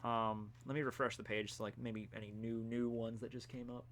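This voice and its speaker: Bright-voiced young man chatting on a stream. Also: mid-range voice, little pitch movement, a little fast, slight background noise. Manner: rambling, laid-back, answers questions read from chat. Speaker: streamer answering chat questions. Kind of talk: casual live-stream chat.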